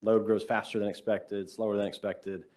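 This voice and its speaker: A man giving a measured, explanatory technical presentation on a video call, in casual phrasing. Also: lowish voice, flat delivery, darkish tone. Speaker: workshop presenter.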